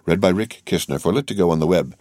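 A man with a notably deep, low voice reads a classic novel aloud at a steady, unhurried pace. The recording is close and completely dry, with no room around him. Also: no room sound. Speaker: audiobook reader. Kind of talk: scripted narration.

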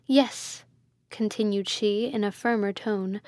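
A woman's voice: mid-range voice, steady tone, normal speed, a little mellow, no room sound. A woman reading a gothic novel aloud, giving the characters' speeches with dramatic feeling. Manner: dramatic, voicing each character with rising emotion. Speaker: audiobook reader. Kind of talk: scripted narration of a gothic novel.

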